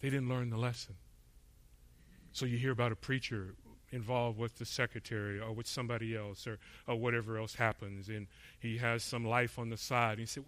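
A man's voice: medium pitch, little pitch movement, a little fast, fairly bright tone. A middle-aged man from Florida preaching a sermon with emphasis, asking rhetorical questions and voicing imagined speakers. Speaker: pastor. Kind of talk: expository sermon.

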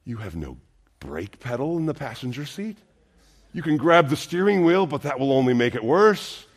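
A man's voice: medium pitch, big pitch swings, normal speed, breathy edge. A male pastor preaching a sermon, earnest and emphatic, full of rhetorical questions.

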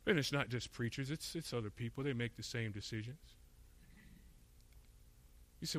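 A man's voice: a little high, moderate pace, sharp tone. A middle-aged man from Florida preaching a sermon with emphasis, asking rhetorical questions and voicing imagined speakers. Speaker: pastor. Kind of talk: expository sermon.

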